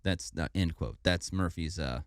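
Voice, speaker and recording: A man with a very deep voice retells history in a relaxed podcast chat, tripping over hard names and tossing in a casual "dude". His voice is recorded close and dry, with no room sound. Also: normal speed, dry recording. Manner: laid-back, stumbles over foreign names, says "dude". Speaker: podcast co-host.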